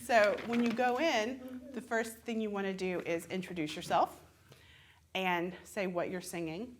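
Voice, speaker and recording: A woman with a Southern American accent teaches audition etiquette in a relaxed, conversational way. She chats and laughs easily, slipping into short acted-out examples to make her points. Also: medium pitch, unhurried, slight background noise. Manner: chatty, laughs often, acts out examples. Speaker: voice and musical theatre instructor.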